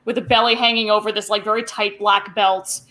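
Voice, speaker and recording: A woman narrating as game master of a tabletop game, giggling and halting with many fillers. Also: mid-range voice, little pitch movement, sharp tone.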